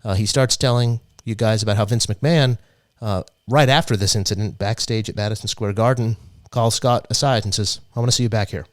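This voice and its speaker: A man's voice: fairly low pitch, fairly even intonation, fairly quick, no room sound, clean studio sound. A man co-hosting a podcast, explaining the history at length with frequent restarts. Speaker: podcast co-host. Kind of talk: podcast commentary.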